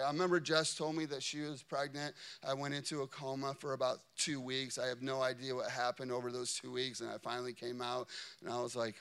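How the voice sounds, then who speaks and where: A man in his thirties preaches to his congregation with an animated storytelling style, full of jokey asides. His voice sits high for a man and comes across bright and forceful. It stays smooth and clear throughout. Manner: animated storytelling, jokey asides, frequent "you know what I mean". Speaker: pastor. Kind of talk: sermon. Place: large church before a congregation.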